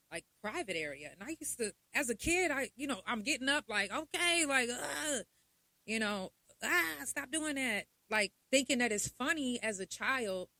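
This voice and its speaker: A woman's voice: a little high, dry recording. Blunt, profane woman podcast host. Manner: blunt, profane, animated storytelling. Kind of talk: casual monologue.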